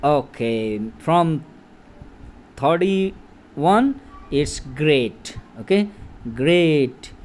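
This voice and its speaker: A man's voice: a little high, expressive, a little mellow. A man in his thirties teaching an English vocabulary lesson, repeating words and checking in with "okay?" again and again. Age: 30s. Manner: slow, repetitive, checks in with "okay?" often.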